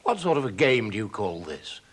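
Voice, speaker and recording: A man's voice: fairly low pitch, very animated, moderate pace, a little hiss or hum. An actor playing a bossy, impatient man who runs a theatre rehearsal, speaking in a commanding, brusque way. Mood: irritated. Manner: commanding, brusque, mocking laughs. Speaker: theatre manager running a rehearsal.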